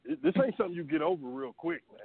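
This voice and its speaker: Animated high-voiced caller on a dry phone line. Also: male voice, rapid-fire, vocal fry, a crowd in the background. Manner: animated, exasperated rant. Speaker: regular caller. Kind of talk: casual sports talk call-in.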